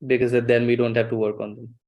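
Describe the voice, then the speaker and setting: A man's voice: mid-range voice, level tone, fast, gravelly, darkish tone. A male student adding brief comments to a class discussion.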